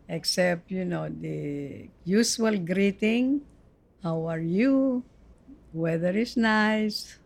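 A woman who lives in a hotel, recalling a neighbor in a slow, casual way in a documentary interview. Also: medium pitch, creaky, darkish tone. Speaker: hotel resident.

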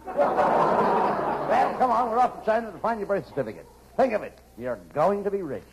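Gravelly, exasperated straight man. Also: high-pitched, sing-song, moderate pace, rough recording. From United States. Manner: exasperated, correcting. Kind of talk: 1940s radio comedy.

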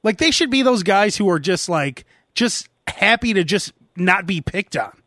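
A man's voice: high voice, animated, unhurried, sharp tone, no echo, clean studio sound. A man, hosting a podcast in casual comedy banter, joking and putting on mock voices. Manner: jokey, puts on mock drawls. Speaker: podcast host.

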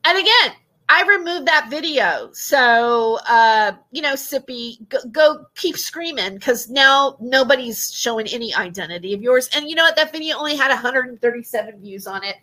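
A woman vlogger recounting an online argument in an indignant, animated way. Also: high voice, moderate pace. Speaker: YouTube commentator. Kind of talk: casual vlog rant.

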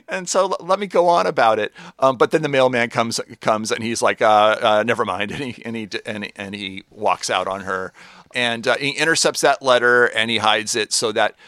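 A man co-hosting a podcast, retelling TV scenes in a casual, animated way with frequent laughs. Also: medium pitch, moderate pace, clear, resonant tone, no room sound, clean studio sound. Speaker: podcast co-host.

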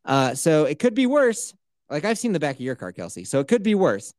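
A man telling stories in casual podcast chat, ranting in a profane, animated way. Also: a little high, fairly quick, dry recording, studio quality.

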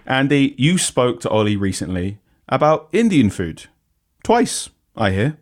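A man's voice: medium pitch, big pitch swings, a little slow. A young man hosting a football podcast, chatting casually and reading promotions in an upbeat way. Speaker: podcast host.

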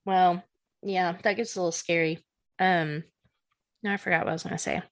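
A woman's voice: lowish voice, steady tone, brisk, dry recording, clean studio sound. A woman hosting a podcast in casual chat, chatty and laughing often. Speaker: podcast host.

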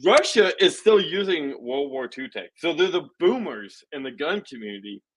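A man's voice: a little high, normal speed, a little hiss or hum, poor audio. A man in casual chat, joking and swearing, telling his points with exaggerated mock quotes. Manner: joking, profane, animated storytelling with mock quotes.

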